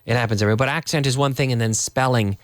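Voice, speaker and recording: A man's voice: mid-range voice, fairly even intonation, rapid-fire, no echo, studio quality. A Canadian man with a Canadian English accent, an English teacher on a radio show, explaining casually and rambling a little while spelling words out letter by letter. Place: radio studio.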